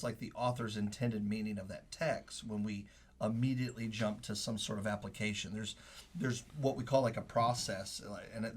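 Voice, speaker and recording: A man's voice: mid-range voice, slightly rough. A man in his thirties, a pastor co-hosting a podcast, talking earnestly and emotionally with many fillers. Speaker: pastor, co-host. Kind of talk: casual podcast talk, preaching.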